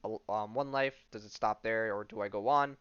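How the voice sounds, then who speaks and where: Picture an eager, anxious teenage girl, as a man reads her lines in his ordinary voice. The voice sits low and smooth, with a dull, dry sound close to the mic. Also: normal speed, a bit bright, no room sound, lightly acted. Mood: earnest.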